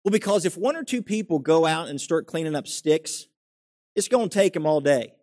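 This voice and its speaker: Conversational preacher man, slightly high voice. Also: expressive, normal speed, a little mellow. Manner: conversational preaching, asks the congregation questions, acts out quoted speech. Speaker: pastor. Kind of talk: sermon.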